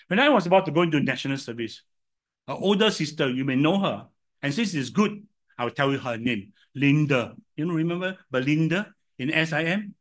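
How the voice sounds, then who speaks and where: An older man with a Singaporean English accent preaching a sermon, telling stories and swinging from loud to soft. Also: mid-range voice. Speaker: pastor.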